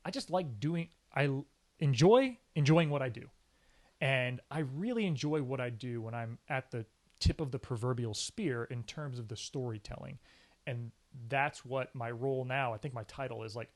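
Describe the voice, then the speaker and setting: A man, a sports anchor, telling career stories in a casual interview, energetic and emphatic, often acting out what people said. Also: mid-range voice, moderate pace. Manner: animated storyteller, often acts out quoted speech. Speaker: sports anchor and reporter, podcast guest.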